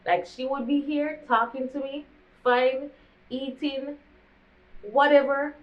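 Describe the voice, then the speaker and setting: A woman's voice: sits high, fairly even intonation, slow pace. A young woman with a Jamaican accent telling a candid storytime vlog, slipping into patois as she talks. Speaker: vlogger. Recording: dull lo-fi recording.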